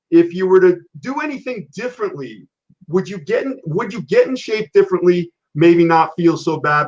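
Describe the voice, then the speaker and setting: A man's voice: a little high, highs cut off. A man in his fifties hosting a casual live stream chat, talking in a chatty way and breaking off to read viewer comments.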